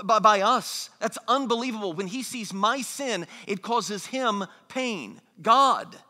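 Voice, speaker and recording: High, bright-voiced preacher in a reverberant hall. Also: male voice. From United States. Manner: earnest, emphatic preaching with mocking quoted voices. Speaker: pastor. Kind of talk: sermon.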